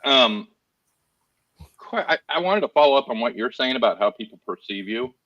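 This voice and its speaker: Joking man with a bright voice, lo-fi mic. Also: mid-range voice, lively intonation, normal speed, dry recording. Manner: joking, laughs often, loud bursts. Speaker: panel guest. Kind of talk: casual panel chat. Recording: dull lo-fi mic.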